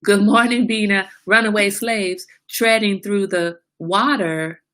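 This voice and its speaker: A woman's voice: medium pitch, steady tone, measured pace, fairly bright tone. A woman in her forties hosting a casual livestream chat, talkative and laughing, teasing her son with mock exasperation. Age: 40s. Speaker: livestream host.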